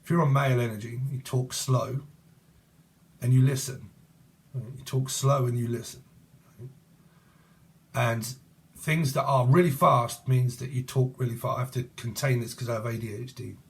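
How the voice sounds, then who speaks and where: A man's voice: mid-range voice, fairly even intonation, moderate pace, long pauses. A man in his forties giving a rambling tarot reading, crude and jokey, swearing as he digresses. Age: 40s. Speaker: tarot reader.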